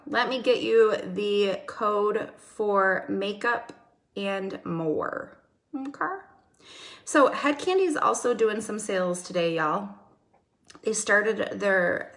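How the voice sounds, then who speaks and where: Chatty woman with a gravelly voice. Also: medium pitch, fairly bright tone, reverberant. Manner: chatty, greets viewers by name. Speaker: makeup livestream host. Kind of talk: casual livestream chat.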